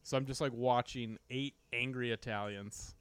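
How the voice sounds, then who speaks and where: A man's voice: mid-range voice, fairly even intonation, normal speed, clean tone, no echo. An American man chatting casually on a podcast, telling a story with lots of likes and you-knows. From United States. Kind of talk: casual chat.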